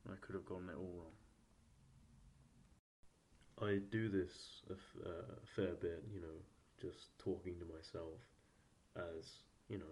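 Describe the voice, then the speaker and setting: A man hosting a solo podcast, thinking aloud in a halting, rambling way with many restarts, his voice a little posh and nasal. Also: low voice, darkish tone, a little hiss or hum. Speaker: podcast host. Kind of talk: solo reflective podcast monologue.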